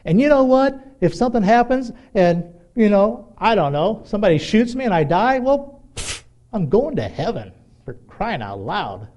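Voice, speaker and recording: Animated conversational preacher, a man. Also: sits high, normal speed. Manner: conversational, animated, acts out dialogue with shifts in voice. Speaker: pastor. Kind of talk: sermon.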